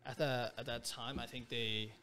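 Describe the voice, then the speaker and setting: A man's voice: mid-range voice, fairly even intonation, moderate pace, sharp tone. A man in his twenties, a podcast guest, telling a personal story in casual slang, leaning on "bro" and "like".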